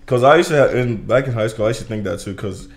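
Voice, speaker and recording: A man's voice: mid-range voice, animated, quick pace, faint music behind. A young man speaking as a podcast guest in casual chat, thoughtful and laughing often, often trailing off mid-sentence.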